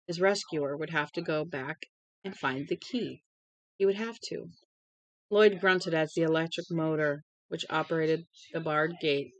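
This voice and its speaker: A woman's voice: deep voice, no echo, poor audio. A woman reading a novel aloud steadily, with small slips and restarts now and then. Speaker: audiobook reader.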